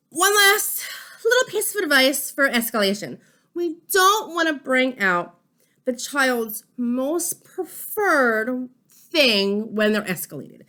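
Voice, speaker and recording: A woman in her thirties explains calming strategies to parents in a relaxed teaching talk. Her voice is bright and a touch high, and she keeps checking in with little "okay?" and "right?" tags. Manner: warm conversational teaching, frequent "okay?" and "right?" check-ins. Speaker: family support educator.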